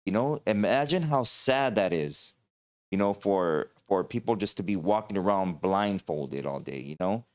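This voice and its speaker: A man's voice: low-pitched, animated, moderate pace, darkish tone. A man hosting a livestream talk show, ranting with passion and filling his talk with "you know.".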